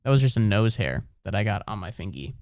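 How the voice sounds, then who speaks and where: A man's voice: on the low side, sing-song, quick pace, a little mellow, no echo. Rambling, profane Ohio man. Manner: rambling, profane, full of restarts. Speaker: podcast host. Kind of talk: comedic solo podcast rant.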